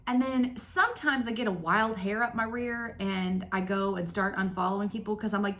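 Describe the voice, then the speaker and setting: A woman's voice: medium pitch, moderate pace, hardly any pauses, fairly bright tone. A woman in her thirties hosting a casual stitching vlog, chatting in a rambling, self-deprecating way with lots of ums. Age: 30s. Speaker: flosstube host. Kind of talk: casual chat to camera. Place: home craft room.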